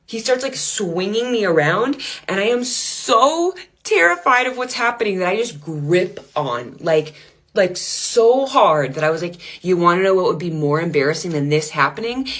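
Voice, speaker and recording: A woman telling a comedic personal story in an animated, self-deprecating way, with laughs between lines. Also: on the low side. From United States.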